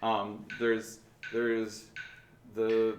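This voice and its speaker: A man's voice: lowish voice, completely flat delivery, very slow, dull audio. A man teaching a remote band lesson, patiently explaining step by step with restarts. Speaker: music teacher. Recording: echoey room, faint noise.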